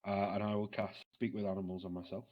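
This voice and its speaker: A man's voice: lowish voice, level tone, fast talker, lo-fi sound. A man with a Northern English accent, a tabletop player joking around and playing mock-offended. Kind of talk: casual tabletop game play.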